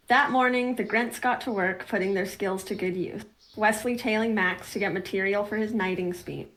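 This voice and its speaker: A woman's voice: medium pitch, poor audio. A woman acting as game master, chatting with players and then narrating a recap of the story. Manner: playful, laughing, casual cursing.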